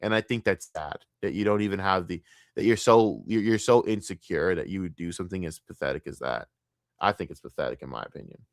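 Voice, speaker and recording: A man's voice: low voice, fairly quick, dry recording, clean studio sound. A man streaming a reaction, ranting bluntly and scornfully with heavy swearing. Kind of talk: profane reaction rant.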